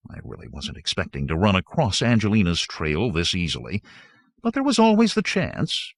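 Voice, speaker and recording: A man reads a first-person novel aloud with wry, lively storytelling. His voice sits low but ranges widely, rising and falling through each sentence. The recording is close and dry, with no room sound. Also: normal speed, no echo. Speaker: audiobook narrator.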